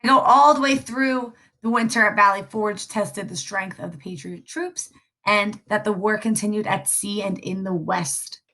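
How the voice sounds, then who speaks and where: A woman's voice: medium pitch, fairly even intonation, moderate pace, pushed and bright. A woman teacher from the Mid-reviewing a history lesson, chatty and often checking in with "right?". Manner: chatty, frequent tag questions.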